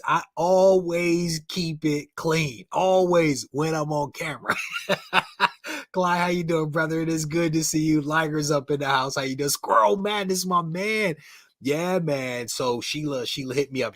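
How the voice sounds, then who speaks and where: A man's voice: a little high, normal speed, a bit bright, no echo, clean studio sound. A man hosting a comic collecting live stream, chatting casually, greeting viewers by name and laughing often.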